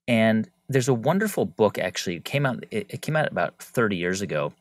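Podcast guest, man, lively swinging delivery, dry close mic, reflective. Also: fairly low pitch, a little fast, no room sound. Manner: reflective, animated when acting out examples. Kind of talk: conversational interview.

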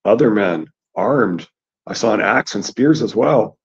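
A man voicing a grave, solemn boy seer in a grim, level, measured voice. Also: fairly low pitch, lively intonation, husky, heavily acted. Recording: dull lo-fi recording.

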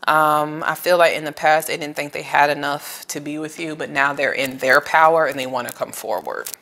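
Low-voiced chatty woman reading tarot. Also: moderate pace, creaky, a bit bright. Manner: chatty, emotional, slangy, talks to viewer directly. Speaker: tarot reader. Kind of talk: casual tarot reading to camera.

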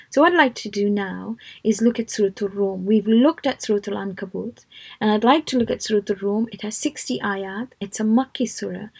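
A woman teaching a children's religious class, telling a story in a soft, earnest way that often drops to a whisper. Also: medium pitch, creaky, husky. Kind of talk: storytelling lesson. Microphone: live online talk.

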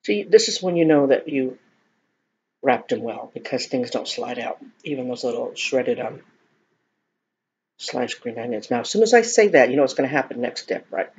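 A woman's voice: rumbling low, animated, normal speed, a little mellow, slightly rough. A middle-aged woman chatting casually to viewers while eating, joking about herself. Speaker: mukbang vlogger. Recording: dull lo-fi home recording.

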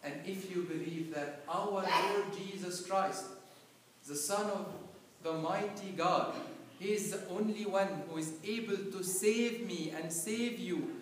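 A man with a high voice delivers a sermon in a church, unhurried as he tells a story and then rising to loud cries. He is heard from a distance, his voice washing through a very echoey church, with faint room ambience underneath. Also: slight background noise. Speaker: priest. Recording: echoey live church recording from far off.

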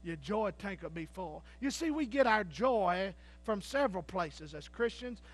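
High-voiced preacher who shouts for joy. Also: male voice, lively intonation, measured pace, soft background music. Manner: acts out the characters in his stories. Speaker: pastor. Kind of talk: Baptist sermon. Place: church sanctuary.

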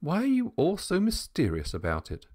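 A man's voice: sits high, wildly swooping pitch, darkish tone, breathy edge, no echo, studio quality, pitched above the performer's own voice, heavily acted. A man doing a prim young governess. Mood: stern. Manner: brisk, firm questioning. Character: prim young female governess, logical, impatient.

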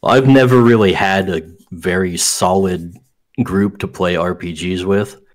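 A man speaking as a guest game designer in a casual interview, relaxed and offhand. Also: low-pitched, a little slow.

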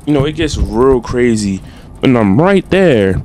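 A man's voice: mid-range voice, unhurried, a little hiss or hum. A young man doing casual, trash-talking commentary while playing a game. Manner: animated, trash-talking, slangy. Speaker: gaming streamer.

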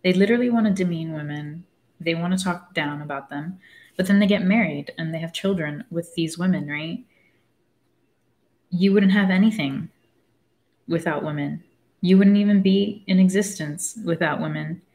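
A book discussion host chats casually about a book she's reading, rambling, frank and swearing freely as she loses her thread. Her voice sits on the low side, a little mellow, at a normal speed.

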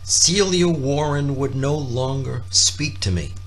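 Slow, bright-voiced man reading a storybook. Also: slight background noise. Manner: expressive, voicing characters with raised pitch. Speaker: storybook reader. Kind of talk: children's picture book read-aloud.

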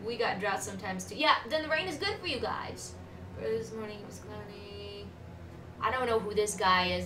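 Here a gaming streamer with a medium-pitched voice offers casual live-stream commentary, giggling and chatting directly with her viewers. The recording has room echo, a faraway mic, and a faint hiss.

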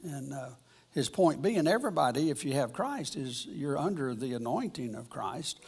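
A man leads a church Bible lesson in a loose, conversational way. His voice is husky and a little breathy, and he wanders through his points, pausing and circling back to restart his sentences. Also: medium pitch, animated. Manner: rambling, halting, with frequent restarts. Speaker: church teacher. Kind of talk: informal Bible teaching.

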